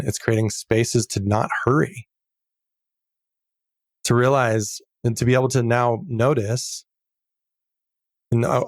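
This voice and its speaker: A middle-aged man talking as a podcast guest in a casual interview, earnest and reflective, slowing down to stress key words. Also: mid-range voice, dry recording, studio quality.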